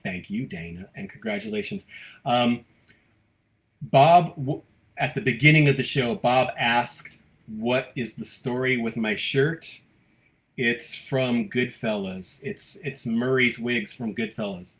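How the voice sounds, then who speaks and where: Hosting a local live show from home, an American man greets viewers and reads their comments aloud. He speaks fast at a middle pitch, staying upbeat and gushing throughout.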